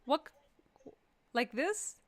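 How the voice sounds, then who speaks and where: A woman comedian hosting a live stream, joking playfully with the audience and jumping into excited quoted voices. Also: drawn-out words, dry recording.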